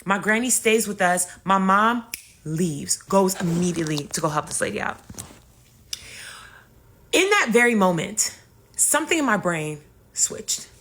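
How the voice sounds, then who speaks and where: A young woman telling a comedic story in a casual, animated and profane way, speaking straight to her audience. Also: medium pitch, measured pace, pauses often.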